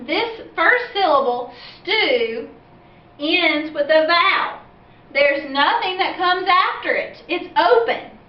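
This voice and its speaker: A high-voiced woman teacher walks parents through the reading steps one at a time, clear and patient. She sounds a little far from the mic, in a room with plenty of echo, and the recording is slightly dull. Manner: clear, patient, step-by-step explaining. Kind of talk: instructional video for parents. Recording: roomy, distant, dull-sounding classroom recording.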